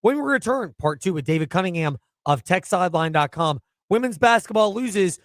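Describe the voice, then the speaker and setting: High-voiced radio sports host. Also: male voice, animated, dry recording, studio quality. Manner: brisk, announcer-like reading of segment teases. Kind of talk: sports talk radio hosting.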